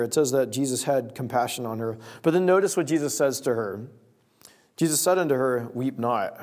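Young man, preacher, earnest sermon, slightly high-pitched voice. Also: a little mellow. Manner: earnest, reads scripture then tells a personal story.

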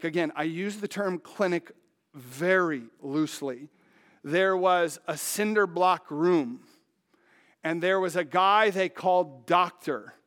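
A man preaching a sermon, telling a personal story dramatically and dropping his voice low and soft for emphasis. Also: clear, resonant tone.

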